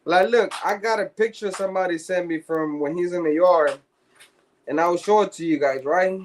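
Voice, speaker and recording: A man's voice: sits high, normal speed, a little hiss or hum. A man telling stories in casual podcast chat, profane and slangy, laughing often. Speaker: podcast co-host.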